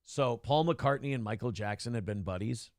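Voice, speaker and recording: Gravelly-voiced man hosting a morning show. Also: mid-range voice, normal speed, no room sound, studio quality. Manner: crude, joking, reads out viewer chat. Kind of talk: casual chat.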